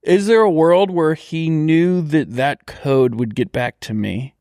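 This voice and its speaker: A man co-hosting a podcast in casual chat, throwing in playful deadpan jokes. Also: a little high, unhurried, no echo, studio quality. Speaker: podcast co-host.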